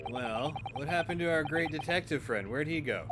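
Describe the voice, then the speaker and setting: A man voicing an eager young male lawyer hero in a fan game dub, curious and lively. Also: a little high, moderate pace, over loud music, natural voice.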